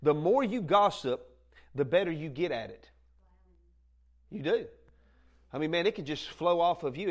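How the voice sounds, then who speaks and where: A man preaching a conversational sermon to a room of listeners, folksy and animated, breaking into laughs and playful asides. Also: fairly high pitch. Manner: folksy and animated, acts out quoted voices, laughs often. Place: church meeting room with listeners.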